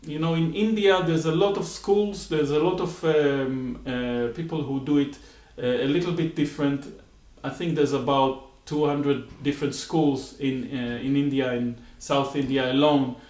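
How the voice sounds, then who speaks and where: A man's voice: medium pitch, fairly even intonation, moderate pace, few pauses, a little mellow, reverberant. A man teaching rhythm syllables patiently, explaining step by step and often checking in with "okay?". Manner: frequent "uh" and "okay?" check-ins. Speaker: music teacher. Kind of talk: spoken rhythm lesson with sung syllable demonstrations.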